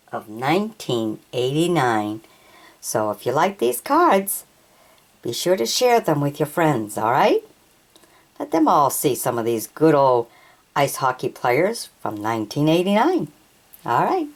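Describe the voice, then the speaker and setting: A woman with a low voice, a hockey card collector, goes through her trading cards one at a time, very slowly naming each player and team. Her pitch swings broadly, and she pauses to sound out difficult names, sometimes stumbling on them.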